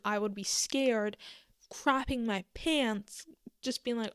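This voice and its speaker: A woman's voice: fairly high pitch, unhurried, clear, resonant tone, no room sound, studio quality. Chatty young woman rambling on camera. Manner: rambling, joking, lots of "like" and "um"; mock-panicked outbursts. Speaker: booktok vlogger. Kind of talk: casual chat to camera.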